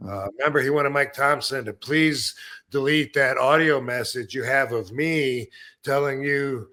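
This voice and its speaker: A man's voice: mid-range voice, measured pace, pushed and bright. A man hosting a podcast in casual chat, rambling with many fillers and restarts, and laughing between remarks. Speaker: podcast host.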